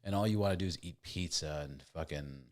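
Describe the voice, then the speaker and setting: A man hosting a podcast in a casual debate, talking in an animated way, swearing often and repeating words as he stumbles. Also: very deep voice, fairly quick. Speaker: podcast host.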